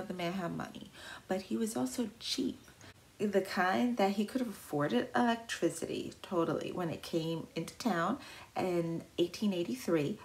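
A woman's voice: on the low side, darkish tone. A woman vlogger telling an art history story in a casual, playful way, with slangy wording and dramatic asides.

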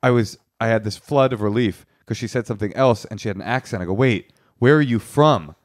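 A man's voice: on the low side, quick pace, darkish tone, no echo, studio quality. A man co-hosting a comedy podcast, bantering and teasing in casual chat. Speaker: podcast co-host.

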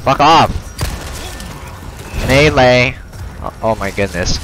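A man's voice: medium pitch, lively intonation, slow, a bit bright, a little hiss or hum, rough recording. A man commentating his horror game playthrough, swearing and joking at the screen, yelping when something jumps out. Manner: profane, jokey, reactive, yelps when startled. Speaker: gamer.

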